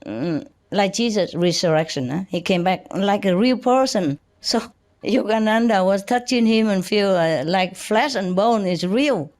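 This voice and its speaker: An older woman giving an informal spiritual talk in simple, halting English, chatty and often laughing. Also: medium pitch, darkish tone. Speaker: spiritual teacher.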